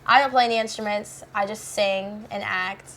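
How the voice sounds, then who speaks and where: A woman's voice: medium pitch, steady tone, moderate pace, a bit bright. A teenage girl who is a cast member of a musical, answering interview questions in a chatty, casual way full of fillers. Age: teens.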